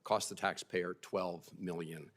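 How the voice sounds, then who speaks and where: A man's voice: sits low, fairly even intonation, measured pace, a bit bright. A man as a senator questioning a witness at a committee hearing, pointed and pressing.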